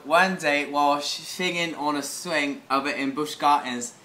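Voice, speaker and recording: A man's voice: on the high side, normal speed, pushed and bright, roomy sound. A man rambling through an improvised comedy bit in a goofy, mock-serious way, full of hesitant fillers. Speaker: comedy video host.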